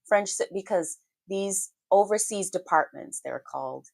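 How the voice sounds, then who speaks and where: A woman's voice: medium pitch, measured pace, gravelly, a little mellow, no room sound. A woman co-hosting a morning talk show, explaining the news in a wry, conversational way with many fillers. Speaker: co-host. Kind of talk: casual political chat on a morning show.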